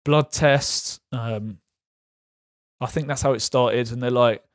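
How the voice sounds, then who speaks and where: A man's voice: medium pitch, fairly even intonation, no room sound. Candid man, dry close sound. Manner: frank, halting, laughs through hard topics. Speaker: vlogger sharing patient experience. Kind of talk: candid personal talk to camera.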